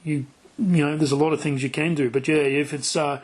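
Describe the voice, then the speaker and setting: A man's voice: on the high side, fairly even intonation, brisk. A man hosting a casual podcast interview, rambling and swearing freely, with lots of restarts. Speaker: podcast host.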